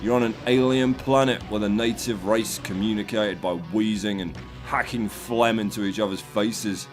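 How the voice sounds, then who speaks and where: A man's voice: on the low side, steady tone, normal speed, over music. An English man hosting a gaming video, delivering a sardonic, profane and rambling comic rant. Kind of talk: comic commentary over gameplay.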